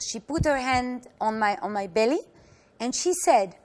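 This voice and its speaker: A woman teaching through a personal story, speaking in an earnest, halting way and acting out the voices she quotes. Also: a little high, lively intonation, darkish tone.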